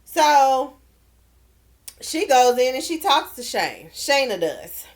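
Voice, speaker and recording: A woman's voice: high voice, sing-song, slow. A woman recapping a dating show in a casual vlog, blunt and exclaiming, with slangy asides. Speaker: show reviewer.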